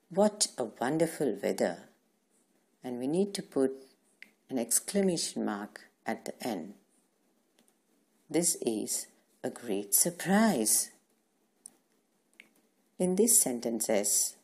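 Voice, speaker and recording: A woman's voice: a bass voice, mellow, slightly rough. A woman teacher, giving a patient grammar lesson to young children and answering her own questions. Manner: patient, asks questions and answers them herself.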